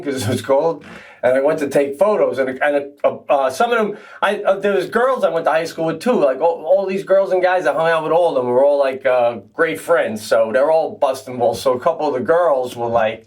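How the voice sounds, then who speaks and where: A man co-hosting a podcast, telling stories in casual chat with lots of swearing and laughter, and his pitch shoots up when he gets worked up. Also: distant mic, poor audio. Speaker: podcast co-host.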